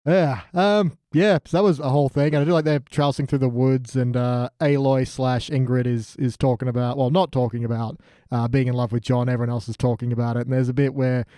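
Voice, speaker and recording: A man's voice: medium pitch, steady tone, fairly quick, few pauses, dark tone, no echo, studio quality. A man co-hosting a podcast in casual chat, joking, laughing often and acting out quotes. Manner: jokey, laughs often, acts out character quotes. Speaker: podcast co-host.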